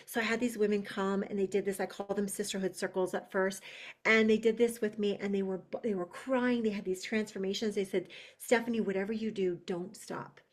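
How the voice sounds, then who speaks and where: A woman's voice: medium pitch, fairly even intonation, a little fast. A woman guest on a podcast telling a personal spiritual story in an earnest, emotional way, often restarting her sentences.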